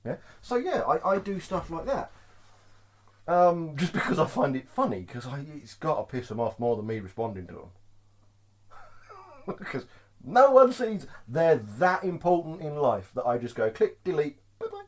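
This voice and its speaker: A man's voice: a little high, moderate pace. A man vlogging as a truck driver, ranting casually to camera, often laughing and checking in with the viewer. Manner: lively, keeps asking "Yeah?" to the viewer; laughs often between points.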